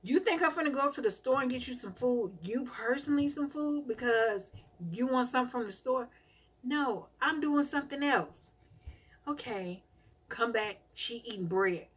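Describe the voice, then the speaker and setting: A mother live-streaming, telling animated stories about her children in a casual rant and laughing often. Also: high-pitched, moderate pace, breathy edge.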